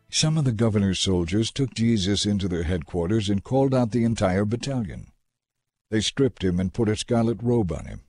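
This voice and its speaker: Man reading scripture, measured and dramatic, deep-ish mellow voice, faint music. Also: dry recording, clean studio sound. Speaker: narrator.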